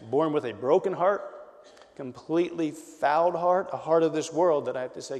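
A man's voice: fairly high pitch, moderate pace. Man preaching in a reverberant hall. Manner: conversational preaching with dramatic loud and soft swings. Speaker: pastor. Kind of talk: sermon.

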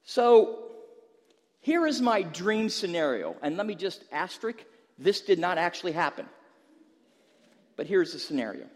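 Guy preaching, light funny storytelling then emphatic, high-ish voice, big echoey hall. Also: very animated, measured pace, long pauses. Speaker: pastor. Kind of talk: sermon.

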